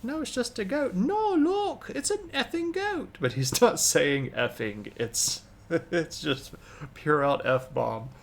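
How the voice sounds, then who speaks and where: A man's voice: medium pitch, vocal fry, a bit bright. A man chatting casually on a history livestream, rambling with many fillers and restarts. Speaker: history streamer.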